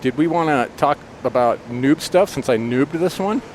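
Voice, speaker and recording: A man's voice: mid-range voice, lively intonation, moderate pace. A man co-hosting a podcast, chatting in a laid-back way and laughing often while driving a truck. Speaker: podcast co-host. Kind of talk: casual chat. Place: driving a truck in freezing rain. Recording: car interior with road noise.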